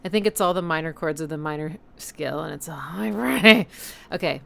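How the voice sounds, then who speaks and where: A woman's voice: low-pitched, normal speed, creaky, sharp tone. A woman hosting a music listening stream, analyzing songs in a rambling, casual way, full of fillers and self-corrections, and humming rhythms to make her point. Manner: hums and scats rhythms to illustrate.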